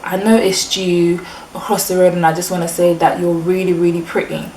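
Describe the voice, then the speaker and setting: A woman voicing a creepy, persistent male stranger who talks smoothly and then mutters low under his breath. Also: little pitch movement, fairly quick, darkish tone, echoey room, distant mic, slight background noise, rough recording. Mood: smooth-talking.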